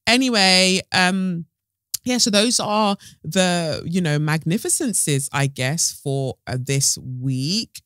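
A woman's voice: low voice, fairly bright tone, no room sound, clean studio sound. A British woman hosting a solo podcast, talking in a chatty, playful way, full of asides and slang. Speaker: podcast host. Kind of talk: casual solo podcast chat.

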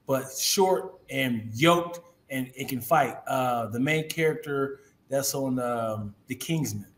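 A man in a casual podcast chat who speaks haltingly and often searches for words. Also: medium pitch, fairly bright tone. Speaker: podcast guest.

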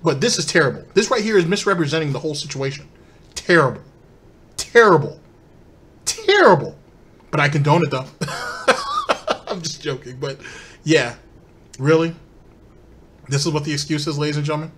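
A man hosting a reaction-commentary show. His voice sits a little high, and he talks in a sarcastic, mocking way, breaking into scornful asides and speaking straight to his audience. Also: fast talker, fairly bright tone, breathy edge. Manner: sarcastic and mocking, addresses viewers. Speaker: commentary channel host.

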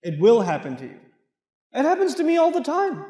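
A man from Pakistan lecturing to a mosque audience, telling stories in an animated way and laughing often. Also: very high voice, brisk, roomy sound, long reverb tail. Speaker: speaker.

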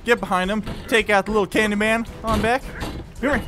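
A young man giving excitable, playful commentary while playing a virtual reality game, talking to the enemies as he fights them. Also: sits high, fairly quick, background noise. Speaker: gaming YouTuber.

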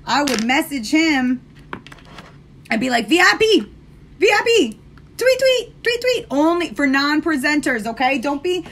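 A woman's voice: high-pitched, a bit bright, a little hiss or hum. An American woman hosting a casual live stream while doing her makeup, chatting sassily with her viewers. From United States. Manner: chatty, sassy, talks straight to viewers.

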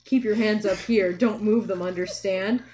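A woman's voice: mid-range voice, fairly even intonation, normal speed, darkish tone, natural voice, low-quality recording. A woman reading as a commanding young man.

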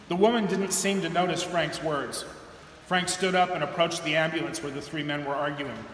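A man's voice: fairly high pitch, fairly even intonation, normal speed, fairly bright tone. Man reading a novel in an echoey hall. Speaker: author reading his novel. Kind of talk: live reading of fiction. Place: museum reading event, large indoor hall. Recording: echoey hall reverb, faint room hum.

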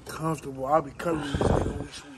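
A man, a professional wrestler, telling stories in casual chat, animated and laughing as he acts out what others said. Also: on the high side, racing, background noise. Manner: animated, laughing storyteller acting out others' voices. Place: outdoors, hot day.

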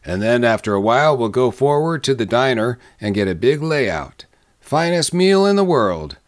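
A man's voice: mid-range voice, very animated, normal speed, lightly acted. A man voicing a proud, newly married western husband who speaks in a plain, boastful way.

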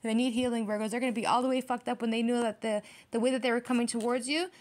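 A tarot reader with a fairly high, darkish voice and fairly even intonation speaks directly to her viewers during a reading. She's blunt and swears heavily, talking fast, getting heated and repeating herself.

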